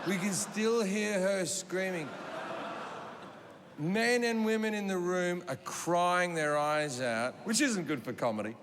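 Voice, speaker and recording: A man's voice: sits high, takes it slowly. A man in his forties doing stand-up comedy, telling a profane story with punchy delivery on a big stage. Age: 40s. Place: stage in a large venue. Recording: reverberant hall with audience noise.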